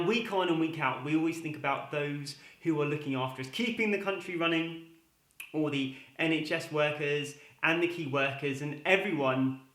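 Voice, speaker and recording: A chatty man hosts his show and spins jokes in a slightly raised voice. His voice carries a roomy echo from a room at home. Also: on the high side. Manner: chatty, lively storyteller. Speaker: comedy show host. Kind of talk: joke telling to camera.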